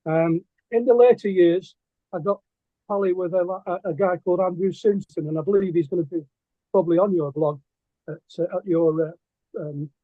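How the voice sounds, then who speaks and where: A man's voice: sits high, moderate pace, dry recording. A middle-aged man with a Lancashire accent, a guest artist telling stories in a casual interview, hesitant and full of ums and restarts. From England. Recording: tinny phone-like line, dry.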